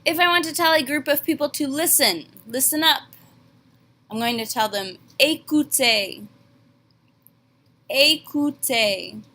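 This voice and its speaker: A woman French teacher giving a classroom lesson, slowly modeling each phrase. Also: high-pitched, expressive, pushed and bright.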